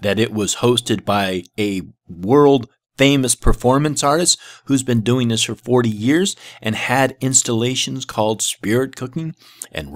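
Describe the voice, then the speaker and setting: A man's voice: medium pitch, no room sound, clean studio sound. A man giving sarcastic, exasperated reaction commentary, debunking a video he plays.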